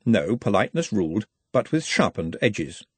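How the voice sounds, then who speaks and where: A man narrating an audiobook in a dry, measured storytelling manner. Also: lowish voice, big pitch swings, husky, dry recording.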